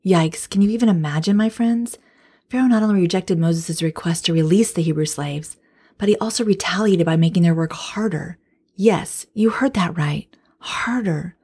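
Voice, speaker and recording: Woman, Bible study podcast host, devotional reading, low voice, mellow tone, speaks to listeners as friends. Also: brisk, breathy edge. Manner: addresses listeners warmly as friends, drops into whispers for emphasis.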